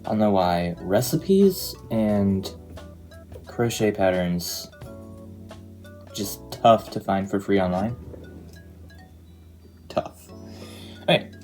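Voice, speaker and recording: A young woman with a very deep, mellow, animated voice chats as a crochet vlogger, taking it slowly and pausing often. She rambles casually, full of ums and likes, with clear music playing behind her.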